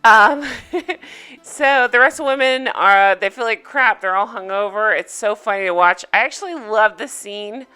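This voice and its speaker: A woman's voice: medium pitch, moderate pace, sharp tone, clean tone. A woman hosting a casual solo recap show, chatty and enthusiastic, rambling with fillers and asides. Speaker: podcast host recapping a reality show.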